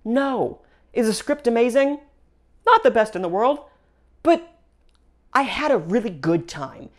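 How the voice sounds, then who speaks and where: A woman hosting her own channel, giving an upbeat solo movie review with lively swings in her voice. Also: unhurried. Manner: gushing and upbeat, with big pitch swings between phrases. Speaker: film reviewer and channel host.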